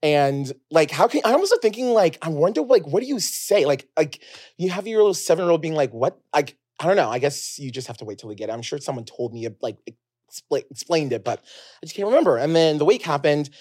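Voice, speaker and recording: A man hosting a podcast, telling a personal story in a chatty, filler-heavy way, swinging between loud bursts and hushed asides. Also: a little high, sing-song, fast. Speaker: podcast host. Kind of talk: casual storytelling monologue.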